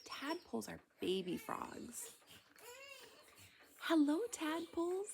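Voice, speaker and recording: Woman reading a storybook aloud to little kids, higher voice, slow and hushed, gasps a lot. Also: very animated, vocal fry, slight background noise. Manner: often hushed and whispery, with frequent gasps of wonder; points out things on the page, asking questions. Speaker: children's storybook reader. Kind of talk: reading a picture book aloud to young children.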